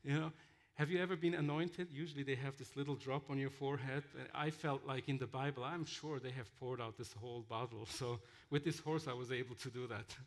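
A man telling mission stories in a sermon, halting with fillers and restarts. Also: medium pitch, fairly even intonation. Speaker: missionary speaker. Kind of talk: sermon-style storytelling.

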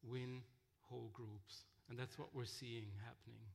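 A man telling mission stories in a sermon, halting with fillers and restarts. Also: mid-range voice, level tone, creaky. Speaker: missionary speaker. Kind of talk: sermon-style storytelling.

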